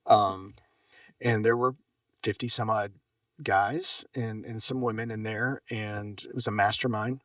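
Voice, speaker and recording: A man's voice: lowish voice, steady tone, a little slow, a bit bright, no echo, studio quality, far from the mic. A man guest on a conversation podcast, reflecting and telling anecdotes with emphasis. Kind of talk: casual conversation.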